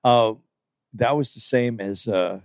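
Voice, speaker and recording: A man in a casual chat, laid-back and a little hesitant, with some swearing. His voice sits at an ordinary pitch, recorded dry and close. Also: takes it slowly, no room sound.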